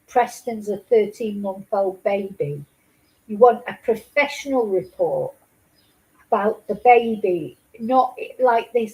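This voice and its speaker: A woman's voice: mid-range voice, slow, mellow, low-quality recording. A woman hosting a casual true-crime chat, talking emphatically and indignantly, repeating herself and swearing. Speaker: host.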